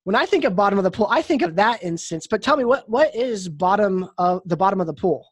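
A man's voice: sits high, animated, quick pace, slightly rough, no echo. Casting: male podcast host, easygoing, close dry recording. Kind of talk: casual interview chat.

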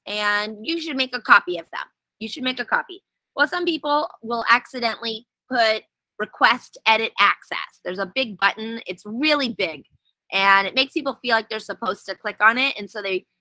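A woman's voice: fairly high pitch, sharp tone, no echo, low-quality recording. A woman running a casual webinar, explaining step by step in a chatty, wry way while sitting outdoors.

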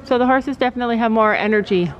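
A middle-aged mother hosts a casual family vlog at a riding arena, explaining her daughter's riding to the viewers in a chatty way. Her voice sits a bit high. The camera audio is dull, with a faint hiss underneath. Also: rapid-fire.

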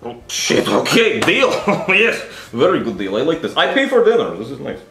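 A man voicing a foreign president with halting, heavily put-on foreign English. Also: a little high, huge pitch swings, crowd noise. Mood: scheming. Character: gruff male foreign president fond of vodka. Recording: roomy echo with faint music.

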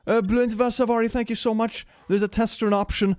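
Giggly, high-voiced man streaming a game. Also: brisk, hardly any pauses, smooth, no echo, studio quality. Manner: giggly, excitable, breaks into high laughter; chatty, thinks aloud while playing. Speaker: gaming streamer. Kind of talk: live game commentary.

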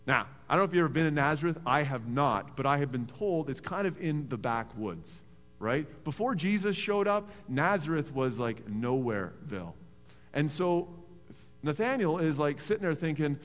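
A man, a pastor preaching a sermon in a church in a conversational, animated storytelling way. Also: on the high side, normal speed, faint music behind. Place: church sanctuary. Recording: reverberant church hall.

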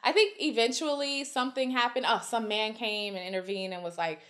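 A woman guest telling stories in casual chat, animated and swearing freely as she acts out quotes. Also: fairly high pitch, a little fast. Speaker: podcast guest.

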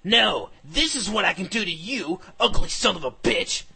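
A man voicing a cocky, hotheaded young male warrior hero in loud, high-pitched outbursts. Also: sing-song, normal speed, creaky, full character voice. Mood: defiant.

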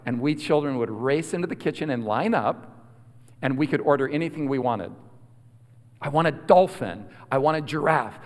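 A man preaching a storytelling sermon, animated and swinging from loud to hushed. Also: fairly high pitch. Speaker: guest preacher. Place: large hall at a school prayer week. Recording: long hall reverb.

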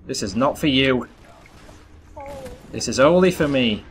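A young gaming YouTuber with an expressive, mid-range voice does live gameplay commentary at an unhurried pace. He talks to viewers and groans at his misses, over a little hiss or hum and faint gunfire and game sounds.

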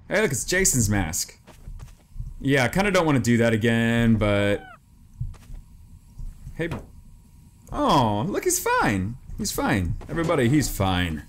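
A man narrates a spooky game as he plays it, his pitch leaping wildly between low mutters and high yelps. He is jumpy and excitable and keeps repeating his exclamations. The recording carries a clear layer of noise. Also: unhurried, pauses often. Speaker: gameplay commentator. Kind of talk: horror game let's play commentary.

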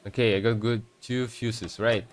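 A man's voice: on the low side, fairly even intonation, moderate pace, slight background noise, poor audio. Jumpy swearing man playing a horror game. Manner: jumpy, swearing, reads on-screen text aloud. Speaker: gameplay streamer. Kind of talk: horror game let's play commentary.

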